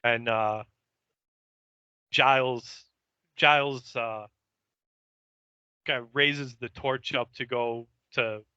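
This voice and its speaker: A man's voice: medium pitch, sharp tone, clear, resonant tone, no echo, highs cut off. A man co-hosting a podcast, recapping an episode in a meandering, hesitant way. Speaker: podcast co-host.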